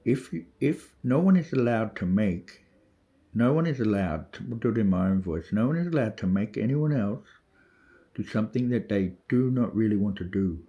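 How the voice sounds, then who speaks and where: Deep husky man rambling. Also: expressive, moderate pace, warm tone. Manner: rambling, profane, urgent, with many restarts. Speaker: vlogger. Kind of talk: rambling spiritual monologue. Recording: dull lo-fi audio.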